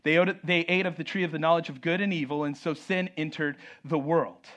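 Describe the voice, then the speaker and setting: A man delivers a sermon in a high, light voice. He talks animatedly, drops in joking asides and slips into acted-out voices when he quotes people. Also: fairly even intonation, brisk, a bit bright. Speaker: pastor.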